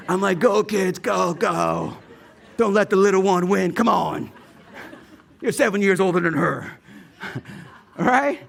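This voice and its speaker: On a church stage, a male pastor with an American Midwest accent delivers a sermon full of jokes and animated storytelling, asking the room to respond. He speaks slowly in a high-pitched voice with vocal fry, pausing often.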